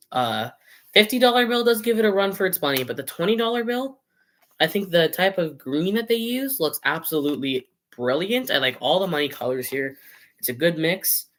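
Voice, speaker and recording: A man's voice: fairly high pitch, fairly bright tone. A man giving his views in a casual vlog to camera. He rambles, argues with imagined viewers and changes his mind as he goes. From Canada. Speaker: vlogger. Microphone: camera mic, showing items on camera.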